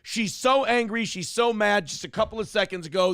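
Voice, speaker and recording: A man's voice: high-pitched, a little fast, fairly bright tone, no echo, studio quality. A man hosting a live-stream commentary show, talking in a sarcastic, profane, mocking way. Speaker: show host.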